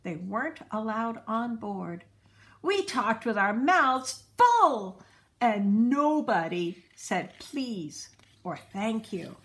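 A woman storyteller reading a children's storybook aloud in an unhurried, expressive way. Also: on the high side.

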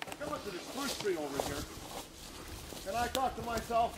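A young man from northern Canada telling a story in a casual, animated way, re-enacting his own shouts. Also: high voice, normal speed, heavy background noise. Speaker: storyteller giving a tour. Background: music playing under the voice.

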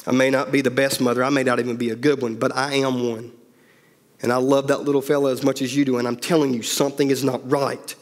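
A man's voice: medium pitch, little pitch movement, fast talker, in a large hall, close to an everyday voice. A male pastor voicing a frightened mother in a sermon story, urgent and insistent.

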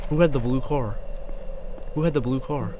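A young man with an excitable, profane manner, commentating a horror game let's play and talking straight to his viewers. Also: medium pitch, moderate pace, background noise. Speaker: gaming YouTuber.

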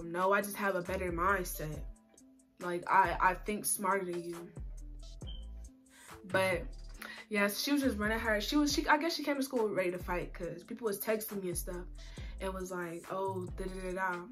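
A young woman, telling a long story in a rambling, animated way full of slang. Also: medium pitch, moderate pace, soft background music. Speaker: storytime vlogger. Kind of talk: casual storytelling.

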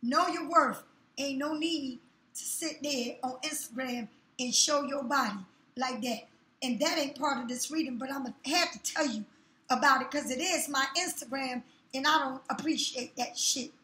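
Blunt, profane woman with a high voice. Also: moderate pace, bright, forceful tone. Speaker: tarot reader. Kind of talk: casual tarot reading monologue. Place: room in her new home. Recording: echoey room.

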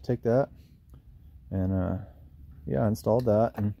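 A man's voice: on the low side, unhurried, vocal fry, dark tone. A man with a Southern US accent, rambling in a folksy, self-deprecating way as he walks through a DIY project outdoors by his trailer, recorded on a camera mic. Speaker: lawn care business owner. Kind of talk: casual DIY how-to vlog.

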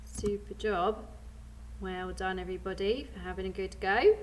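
This British-accented woman, a primary school teacher, patiently sounds words out letter by letter in a phonics lesson for young children. Her mid-range voice moves at a moderate pace over a little hiss or hum.

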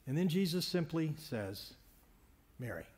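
A man's voice: sits high, moderate pace. A man preaching as a pastor in a church, telling a story conversationally with frequent restarts and repeated words. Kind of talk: sermon.

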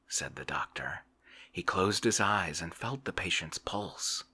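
Deep, soft-spoken male ASMR reader. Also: lively intonation, breathy edge. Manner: slow, soft-spoken, drifting into whispers. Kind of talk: soft ASMR book reading.

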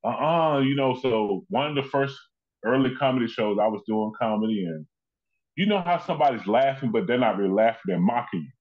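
A man's voice: medium pitch, a little fast, muffled recording. A man who is a comedian and actor, telling stories as a guest in an interview and acting out the people he quotes. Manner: animated, acts out quoted people in his stories. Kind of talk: conversational storytelling in an interview.

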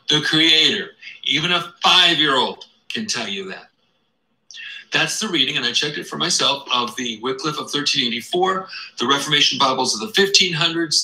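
A man's voice: a little high, sharp tone, roomy sound, poor audio. A man giving scripted video narration, explaining step by step with rhetorical questions.

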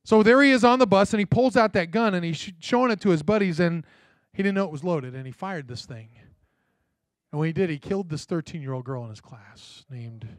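A pastor delivers his sermon in a friendly, storytelling way and keeps turning to his listeners for a reply. He is a man whose voice sits a bit higher than most, and it is heard close and dry. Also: expressive, a little fast, dry recording. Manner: conversational storytelling, checks in with the congregation. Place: church.

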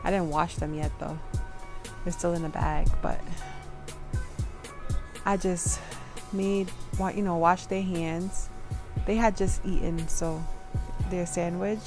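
A young woman vlogger chatting casually and softly, drained and out of breath, full of "like"s. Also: on the low side, steady tone, takes it slowly, pauses often. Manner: soft, tired, filler-heavy talk. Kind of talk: casual vlog chat. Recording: music playing behind.

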